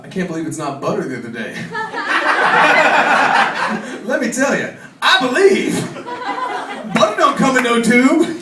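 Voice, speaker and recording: A stand-up comedian with a fairly high voice performs a vulgar party story, voicing the other people in it. Heavy background noise, an echoey room, a far-off mic and audience laughter mark this comedy club recording.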